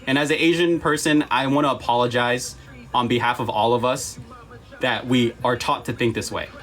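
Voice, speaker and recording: A man's voice: medium pitch, fairly bright tone. A man talking earnestly on a livestream, emphatic and apologetic, repeating himself and close to tears.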